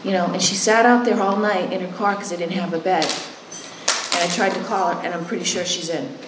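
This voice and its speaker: A woman's voice: lowish voice, fairly even intonation, a little fast, roomy sound, noisy background. Blunt woman telling recovery stories. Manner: blunt, sarcastic, acts out both sides of conversations. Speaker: recovery sponsor and halfway house worker. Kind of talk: candid personal testimony.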